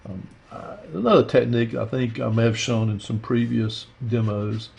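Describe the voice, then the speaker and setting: A man teaching a watercolor painting demo, talking through his steps in a relaxed, rambling way with lots of fillers. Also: mid-range voice, normal speed, creaky, breathy edge. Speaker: art instructor. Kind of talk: casual painting demonstration.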